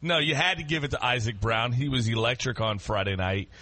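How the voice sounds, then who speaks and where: A man's voice: mid-range voice, fairly quick, bright, forceful tone, no room sound. A man co-hosting a sports radio show, talking casually with many restarts and fillers. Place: radio studio.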